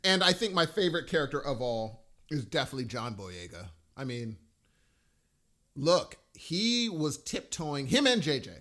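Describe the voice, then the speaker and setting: A man co-hosting a podcast, chatting casually. His voice sits a little high and moves around a lot. He gets enthusiastic and often leaves sentences unfinished. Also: moderate pace. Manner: animated, enthusiastic, trailing off mid-sentence. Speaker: podcast co-host. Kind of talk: casual chat.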